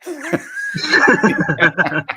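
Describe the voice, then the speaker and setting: A man co-hosting a casual chat, reading viewer messages, animated and incredulous. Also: sits high, very slow, breathy edge.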